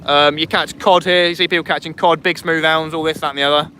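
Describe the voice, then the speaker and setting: A man's voice: a little high, level tone, quick pace, bright, forceful tone. Chatty man on a noisy boat. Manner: chatty, banters with viewers. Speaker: fishing vlogger. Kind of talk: casual live-stream chat. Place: small inflatable boat at sea, outdoors. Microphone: camera on the boat. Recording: wind and boat engine noise.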